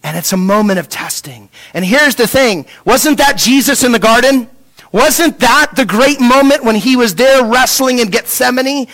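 A man preaching a sermon, asking rhetorical questions and repeating words as he restarts, dropping from a raised voice to a hush. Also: extremely high pitch, moderate pace. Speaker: pastor.

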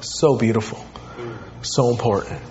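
A male pastor preaching a sermon, emphatic and animated, his voice swinging widely in pitch. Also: a little slow, highs cut off, faint music behind.

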